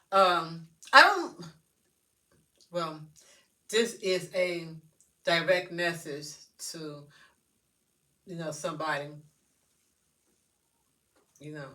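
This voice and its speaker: A woman's voice: mid-range voice, sharp tone. A woman vlogger talking straight to her followers in a loose, rambling, profane monologue. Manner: chatty, loose and profane, addresses viewers directly. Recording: voice a bit far from the mic.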